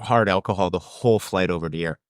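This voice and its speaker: A young man co-hosting a podcast, telling a travel story in a casual, animated way and acting out the voices of people in it. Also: deep voice, fast, dry recording, studio quality. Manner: animated storyteller, acts out quoted voices, laughs often. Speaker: podcast co-host.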